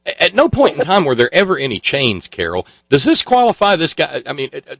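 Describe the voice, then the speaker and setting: A man's voice: fairly high pitch, huge pitch swings, fairly quick, vocal fry, a bit bright, dry recording. A male host in casual chat, sarcastic and mocking, often stammering.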